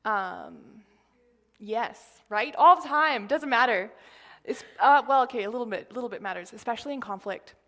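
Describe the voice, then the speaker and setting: Woman rambling thru a church talk, lots of ums, side tangents, hushes to a whisper for quotes. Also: a little high, normal speed. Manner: chatty and rambling, many fillers and asides. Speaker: church speaker sharing a message. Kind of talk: informal sermon talk.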